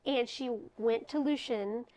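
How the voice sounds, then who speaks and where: A woman's voice: on the high side, measured pace, a loud crowd, rough recording. A woman co-hosting a casual book podcast, rambling through a plot retelling with many fillers. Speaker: podcast co-host.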